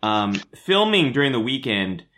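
A man's voice: medium pitch, moderate pace. Easygoing man telling a personal story. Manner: relaxed, recounting a personal story with fillers. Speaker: podcast co-host. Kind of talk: casual conversational chat.

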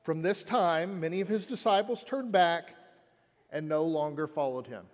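A man's voice: fairly high pitch, moderate pace, big-room sound. A man preaching a sermon in an auditorium, in a conversational way that repeats lines for emphasis. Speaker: pastor.

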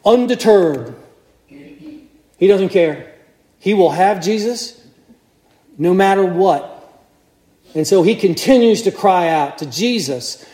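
Conversational preacher in an echoey church. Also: male voice, high-pitched, expressive, takes it slowly, pauses often, dark tone. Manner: conversational, asks the congregation questions. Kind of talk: sermon.

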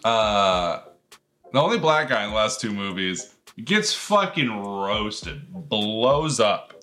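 A man's voice: lowish voice, sing-song, slow pace, pushed and bright. A congested man casually recapping a movie on a podcast, rambling and swearing with bursts of laughter. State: congested sinuses. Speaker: podcast host.

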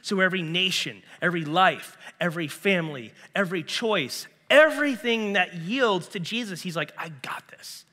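A man preaching a sermon as pastor, earnest and emphatic, his throat a little clogged so he keeps clearing it. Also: high voice, lively intonation, moderate pace, hardly any pauses, bright, forceful tone. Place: church sanctuary. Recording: long reverb of a large hall.

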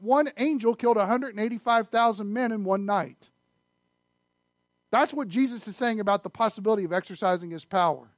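A man with a high voice preaches in a casual, questioning way, dropping from loud emphasis to near-whispered asides. The sound is close and dry. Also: no echo. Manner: conversational preaching with rhetorical questions. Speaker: pastor. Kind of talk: sermon.

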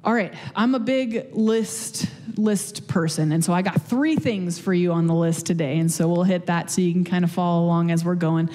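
A woman preacher giving a casual, chatty sermon, full of fillers and restarts. Her voice sits a little low and sounds mellow and warm. It carries a long reverb from a church hall. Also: steady tone, moderate pace, hardly any pauses. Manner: chatty, many fillers and restarts, light laughs.

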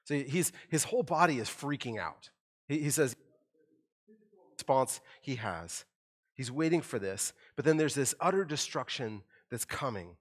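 A middle-aged man preaching a sermon in a church, conversational and animated, acting out the quoted lines with rising emphasis. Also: mid-range voice, a little slow. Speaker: pastor.

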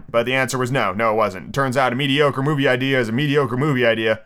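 A man's voice: medium pitch, fast talker, few pauses, a bit bright, smooth. A drunk, tired man hosting a solo podcast, rambling and swearing casually between book readings. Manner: rambling, profane, full of fillers. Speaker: podcast host.

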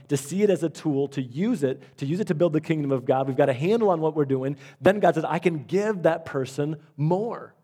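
A man's voice: on the high side, mellow. A male pastor preaching a sermon, telling stories and repeating his key phrases. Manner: storytelling with acted-out quotes, repeats key phrases.

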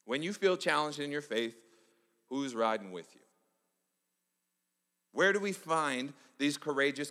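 Male pastor, sermon delivery, bright forceful tone, lively storytelling, long hall reverb. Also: mid-range voice. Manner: animated storytelling, swings from soft to loud.

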